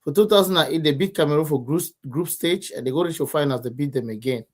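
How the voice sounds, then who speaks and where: A man's voice: fairly high pitch, fast talker. A man with a Nigerian accent making earnest points in a casual football chat, repeating himself as he builds each point. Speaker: co-host.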